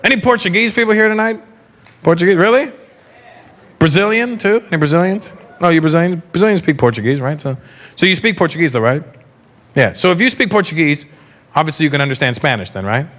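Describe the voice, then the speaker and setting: A man doing live stand-up comedy on stage, teasing the audience in an animated way. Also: a little high, fast talker. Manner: animated, teasing crowd work.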